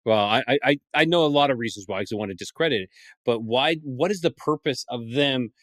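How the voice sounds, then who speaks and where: A man hosting a podcast interview, halting and stammering as he restarts his questions. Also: mid-range voice, fairly bright tone, no room sound. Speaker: podcast host.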